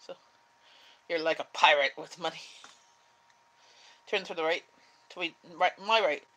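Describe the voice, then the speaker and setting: A woman hosts a relaxed home livestream, easygoing and gently directing the person beside her. Her voice sits on the lower side for a woman. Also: a little slow, rough recording. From Canada. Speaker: host of a livestream chat. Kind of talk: casual chat.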